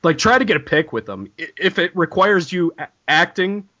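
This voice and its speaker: A man's voice: high-pitched, expressive, normal speed, pushed and bright, muffled recording. A man hosting a podcast, chatting casually and sarcastically with lots of profanity and joking asides. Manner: sarcastic, profane, reads quotes in mock-preacher voice. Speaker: podcast host. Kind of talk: casual comedic podcast chat.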